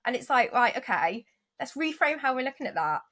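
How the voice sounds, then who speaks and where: A woman's voice: sits high, big pitch swings, brisk, bright, forceful tone. A woman hosting a podcast, giving frank, coaching advice in casual chat. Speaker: podcast host.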